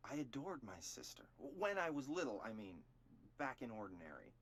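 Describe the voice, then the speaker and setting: A man's voice: mid-range voice, normal speed, a little hiss or hum. A sullen, sighing young man. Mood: bitter. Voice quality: sighing, flat and resentful. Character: sullen withdrawn young man under questioning. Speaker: interviewee. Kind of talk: video game voice acting.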